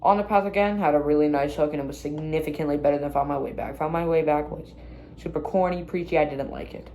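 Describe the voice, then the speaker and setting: A woman's voice: deep voice, fast talker, warm tone, a little hiss or hum. A woman casually reacting to her own songs, blunt, self-critical and swearing freely. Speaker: musician reacting to own album. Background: own music playing clearly.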